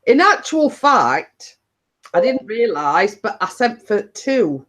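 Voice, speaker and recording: A woman's voice: fairly high pitch, big pitch swings, slow pace, a bit bright. A woman hosting a casual livestream chat from her home computer desk, rambling with restarts. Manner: chatty, rambling with frequent restarts and laughs. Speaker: livestream host.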